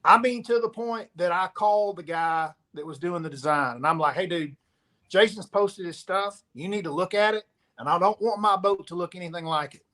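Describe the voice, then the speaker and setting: A man's voice: high voice, moderate pace. A man, a professional angler, telling a story in casual chat and acting out the dialogue as he goes. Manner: animated storyteller, acts out quoted dialogue. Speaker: pro angler guest.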